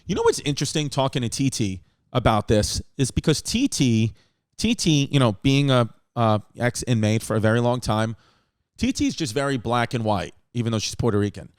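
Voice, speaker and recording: A man's voice: medium pitch, animated, fairly quick, smooth, no echo, clean studio sound. A man hosting a comedy podcast, telling rambling stories in casual chat, acting out what friends said and swearing freely. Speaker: podcast host.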